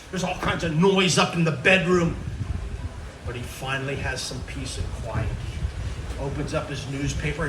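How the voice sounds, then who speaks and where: A man performing a stand-up storytelling set, animated as he acts out the tale. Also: sits high. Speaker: comedian. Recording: echoey stage from far off with noise.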